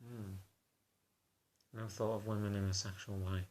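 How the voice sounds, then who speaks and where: A man talking to camera in a confessional vlog, halting and self-conscious in a subdued, low-key way. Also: flat delivery, a little mellow. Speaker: vlogger.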